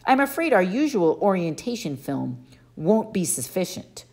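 A woman voicing a kindly, patient male teacher who speaks calmly and formally in a storybook reading. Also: fairly low pitch, normal speed, voice pushed up.

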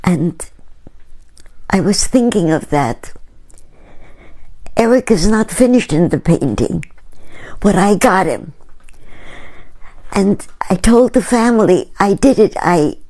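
A woman's voice: mid-range voice, expressive, dark tone. An older woman, a painter, telling a group about her work in an earnest, reflective way. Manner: earnest, reflective, unhurried storytelling. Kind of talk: storytelling talk to a small group.

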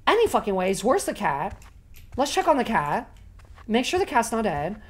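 A young woman streaming a video game, swearing constantly and swinging between loud shrieks and quiet mumbling as she plays. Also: fairly high pitch, huge pitch swings, moderate pace. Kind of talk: casual game commentary.

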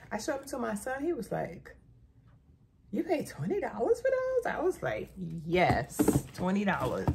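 A middle-aged woman chatting casually to camera about a shopping haul, an animated storyteller who often says "y'all.". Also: on the high side, creaky, noisy background. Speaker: haul vlogger.

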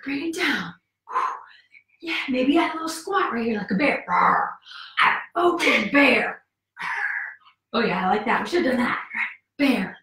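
A woman's voice: sits high, animated, normal speed, long pauses, fairly bright tone. A woman teaching a yoga class for kids, coaxing and cheerful, counting moves aloud and a little out of breath. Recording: echoey room, voice from far off.

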